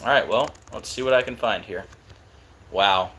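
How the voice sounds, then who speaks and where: Young male streamer, bright edgy voice, casual and excitable. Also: lowish voice, a little hiss or hum. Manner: excited, disbelieving, fast-talking. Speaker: live stream host. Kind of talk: casual live stream talk.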